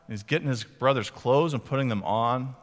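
A man preaching with an easy, conversational manner, often pausing to reflect and slipping in fillers. His voice sits at an ordinary middle pitch. It rings out with a long reverb, as in a large church hall. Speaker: pastor. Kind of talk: sermon.

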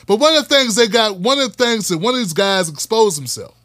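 A man's voice: high-pitched, sing-song, a little fast, a bit bright, no room sound. A man hosting his own commentary show, delivering a blunt, profane monologue with emphatic repetition. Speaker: political commentary host. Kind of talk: fiery direct-to-camera monologue.

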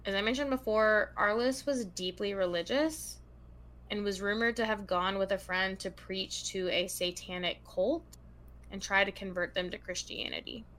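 A woman's voice: mid-range voice, steady tone, moderate pace, fairly bright tone. A woman hosting a true crime podcast, telling the story and reading long passages aloud with chatty asides to her co-host.

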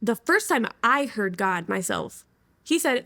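A woman in her twenties tells her personal testimony as a guest, chatting casually with plenty of slang and easy laughter. Her voice sits a little high, and the recording is dry and close. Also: measured pace, creaky, dry recording. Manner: lively, laughs often, slangy. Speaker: interview guest.

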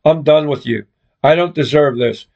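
A man's voice: fairly high pitch, moderate pace, creaky, lo-fi sound. A man reading as a blunt, fed-up young woman. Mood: furious. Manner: blunt, sarcastic, swears freely. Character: fed-up young woman confronting her boyfriend.

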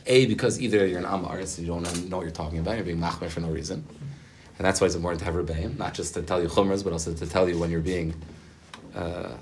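A man's voice: low-pitched, steady tone, fast, a little hiss or hum. A man, a rabbi, gives a spontaneous Torah talk to a gathering, speaking casually and rambling with many fillers and Hebrew terms. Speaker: rabbi teaching a weekly gathering. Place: group gathering in a room.

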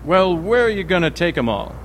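An actor playing a cocky, taunting street pimp in a game scene, over city street noise. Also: male voice, sits high, a bit bright, heavily acted. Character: swaggering street pimp with cane sword.

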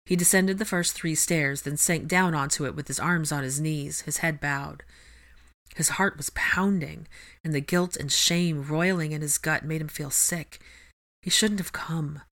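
A woman narrating a fan fiction chapter in a steady, measured storytelling manner. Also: low voice. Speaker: audiobook reader.

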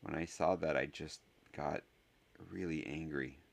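A man's voice: extremely low pitch, measured pace, vocal fry, exaggerated voice. A man voicing an intense young boy who fumbles through an apology with hesitant ums. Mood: contrite. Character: boy of about eleven, anxious, fumbling, rather intense.

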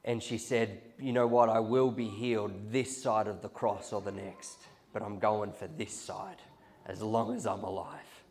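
A man preaching a sermon, telling stories with animated restarts and repetitions. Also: lowish voice, measured pace. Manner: storytelling, animated, restarts and repeats. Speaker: pastor.

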